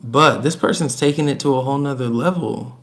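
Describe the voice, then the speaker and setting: A man does a casual, chatty tarot reading straight to camera, repeating himself emphatically and laughing between points. His voice sits in the mid range and moves fairly quickly.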